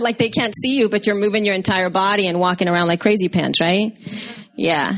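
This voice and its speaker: A woman in her thirties giving a lively, conversational workshop talk and taking questions from the audience. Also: mid-range voice, a little fast. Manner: bubbly, expressive, conversational. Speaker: workshop presenter.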